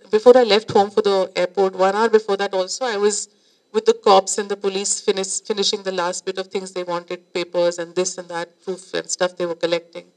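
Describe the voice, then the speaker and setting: A woman's voice: medium pitch, rough recording. A woman with an Indian English accent giving a devotional talk to an audience. She tells her story in an earnest, emotional way and slips into Hindi phrases. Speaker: spiritual teacher.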